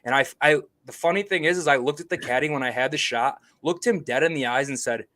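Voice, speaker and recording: Excitable young man telling golf stories. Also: medium pitch, fast talker. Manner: excitable storyteller, swears freely, acts out quotes. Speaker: podcast co-host. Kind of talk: casual golf podcast chat.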